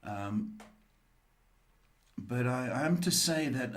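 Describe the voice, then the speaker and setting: A man giving psychic card readings on a live stream, speaking slowly and hesitantly. He fills his answers with ums and calls viewers baby and sweetheart. His pitch sits in the middle range for a man. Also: animated. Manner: slow, hesitant, affectionate, many ums and pet names.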